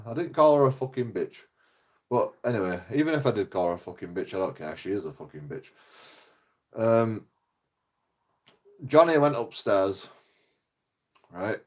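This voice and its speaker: A man, ranting casually in a rambling, foul-mouthed way. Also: low voice. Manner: rambling, heavy swearing. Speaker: vlogger. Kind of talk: casual rant.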